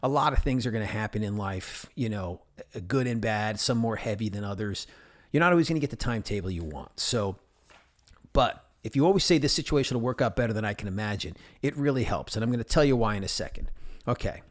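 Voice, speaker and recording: A middle-aged man from New England talks through a solo podcast in a loose, rambling way. His voice sits somewhat low, and he drifts into jokes and asides. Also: expressive, fast. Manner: rambling, jokey, talks to his stuffed animals. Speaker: podcast host. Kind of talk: casual solo podcast monologue.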